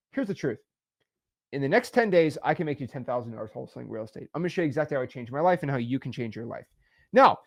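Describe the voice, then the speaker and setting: A man in his twenties, a real estate wholesaling educator, talking emphatically and repeating himself as he pitches directly to the camera. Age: 20s. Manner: emphatic, repetitive, fast-talking, self-assured.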